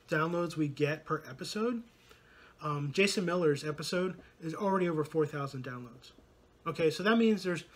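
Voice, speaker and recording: A man in his thirties talks straight to his viewers in a relaxed, rambling way. His voice sits a little on the high side, and he often stops to correct himself and fill pauses with "uh" and "you know.". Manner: rambling, filler-heavy, self-correcting. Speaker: podcast co-host and vlogger. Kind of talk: casual vlog talk to camera.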